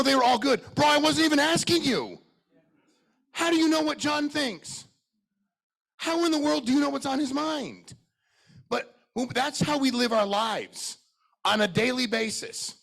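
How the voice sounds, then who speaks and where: A middle-aged sales trainer speaks to a live crowd in a rough, gravelly voice that sits a little high for a man. He is blunt and profane, full of energy, and turns to challenge people in the audience. A husky edge runs through his voice. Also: fairly bright tone.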